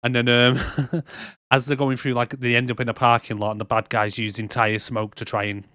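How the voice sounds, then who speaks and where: A man's voice: mid-range voice, little pitch movement, moderate pace, fairly bright tone, no echo. A man co-hosting a movie podcast, recapping the plot in a casual, rambling way, laughing a lot and swearing freely. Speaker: podcast co-host.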